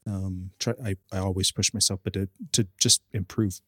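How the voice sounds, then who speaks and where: A man's voice: deep voice, flat delivery, dry recording. Earnest male pastor guest, dry close sound. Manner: earnest, measured, with fillers. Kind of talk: interview answers.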